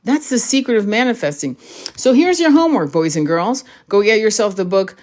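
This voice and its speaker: A woman's voice: on the low side, animated, brisk. A woman giving a casual monologue to her viewers as a spiritual reader, talking passionately and bluntly, swearing freely and repeating key phrases for emphasis.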